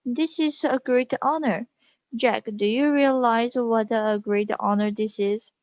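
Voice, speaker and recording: A woman's voice: a little high, fairly even intonation, measured pace, a little mellow, no room sound, natural voice. A woman voicing a theatrical female psychic medium who speaks in a dramatic, eerie way, in a dull lo-fi recording.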